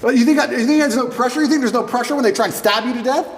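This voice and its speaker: Male interview guest, thirties, high-pitched, rapid, emphatic, long room reverb. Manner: forceful, rhetorical questions, lively delivery.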